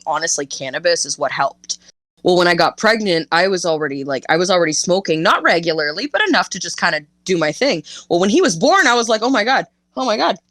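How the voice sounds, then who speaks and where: A young woman chatting as a podcast guest, telling stories in an animated way, laughing often and swearing freely. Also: fairly low pitch, no room sound. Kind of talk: casual interview chat.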